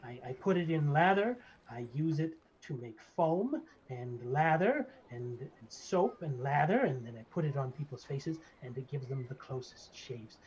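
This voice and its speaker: Guy doing a high fussy little gnome barber, rambly and creepy, kinda dull lo-fi mic. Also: lively intonation, moderate pace, few pauses, a little mellow, natural voice. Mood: eager. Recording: slightly dull lo-fi mic, faint noise.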